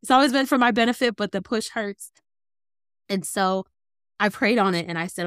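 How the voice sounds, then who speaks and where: A woman in her thirties, a guest on an interview, telling her story in an animated, earnest way. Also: medium pitch, moderate pace, long pauses, clean tone, no room sound, clean studio sound. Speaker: guest, entrepreneur.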